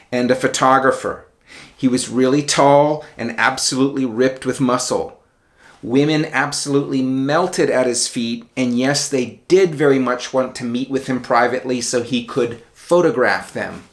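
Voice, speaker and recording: A middle-aged man tells a personal story straight to the camera in a wry, conversational way. He makes dry, self-mocking asides, and his voice sits at an ordinary middle pitch. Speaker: video essayist.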